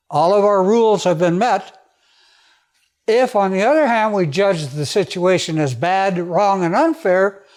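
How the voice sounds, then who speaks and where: A man giving an informal talk to an audience, explaining step by step in a conversational way, often checking in with a quick "okay?" as he moves around. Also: high-pitched, darkish tone. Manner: moves around while talking. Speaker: speaker giving a public talk. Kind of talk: informal lecture. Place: library event room.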